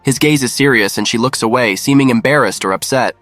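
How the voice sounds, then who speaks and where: Male narrator, mid-pitched, even matter-of-fact read, dry close sound. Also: fairly quick, no room sound, faint music behind. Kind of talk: scripted narration.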